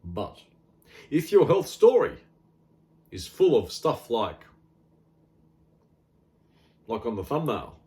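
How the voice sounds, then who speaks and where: A man's voice: mid-range voice, very animated, takes it slowly, pauses often, warm tone. A middle-aged man with an Australian accent, talking in a rambling, blunt and wry casual monologue full of fillers. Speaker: health vlogger.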